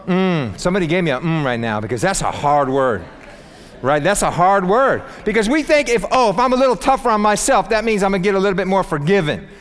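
A man preaching a casual, emphatic sermon in a church, with sudden loud peaks. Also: sits high, big pitch swings, quick pace. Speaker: pastor. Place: church sanctuary. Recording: long hall reverb.

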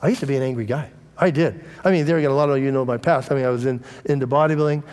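A man's voice: mid-range voice, racing, a little mellow, clean tone, long reverb tail. A middle-aged man and pastor, preaching a conversational sermon and telling candid personal stories to his congregation. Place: church.

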